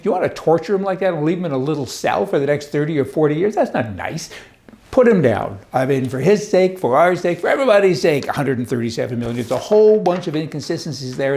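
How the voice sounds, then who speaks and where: A man's voice: fairly high pitch, gravelly, darkish tone. A man hosting a show of opinionated political commentary, folksy and sarcastic, full of wisecracks and rhetorical questions. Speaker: host.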